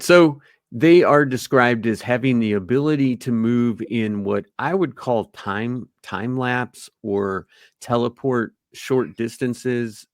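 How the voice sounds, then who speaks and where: A man co-hosting a podcast in relaxed, casual chat, now and then acting out quoted lines. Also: lowish voice, dry recording, studio quality. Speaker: podcast co-host.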